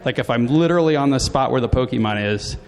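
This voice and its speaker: A man in the audience asking an animated question at a live Q&A. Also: medium pitch, fast talker. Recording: echoey hall, faint background noise.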